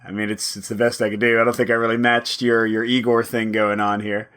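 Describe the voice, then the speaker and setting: Bright-voiced male podcast co-host. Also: lowish voice, flat delivery, brisk, smooth. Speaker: podcast co-host, game designer. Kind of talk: casual chat.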